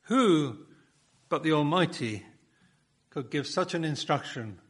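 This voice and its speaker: A man's voice: a little high, animated, slow, husky. A man preaching a sermon, building his points with rhetorical questions and emphatic repetition.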